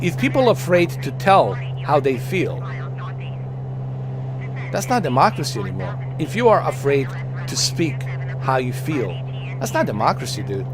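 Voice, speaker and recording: A man's voice: on the high side, background noise. A middle-aged man from Bosnia, a livestream host giving an impassioned political rant, emphatic and earnest, repeating his points.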